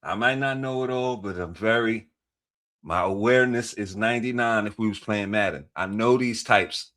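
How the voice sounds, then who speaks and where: A man co-hosting a reaction show, talking in a slangy, animated way as he reacts to clips. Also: on the low side, moderate pace. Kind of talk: casual reaction commentary.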